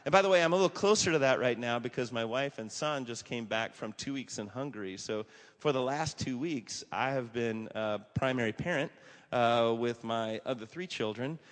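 A man in his forties, a pastor giving a casual, animated sermon with stories and lots of fillers. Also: medium pitch, normal speed. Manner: animated, conversational, many fillers, acts out quotes. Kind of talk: casual sermon talk with storytelling. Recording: long hall reverb.

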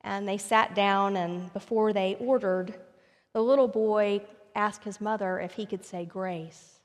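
A woman's voice: medium pitch, steady tone, unhurried. A woman pastor preaching a sermon, telling a story and rising to emphatic questions. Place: church sanctuary. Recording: long reverb of a church sanctuary.

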